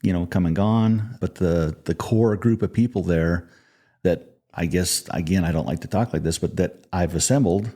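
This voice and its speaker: A middle-aged man speaks in an interview with a deep, mellow voice. He talks in a relaxed, plainspoken way and plays down his own success. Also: moderate pace. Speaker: podcast guest, business founder. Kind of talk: conversational interview.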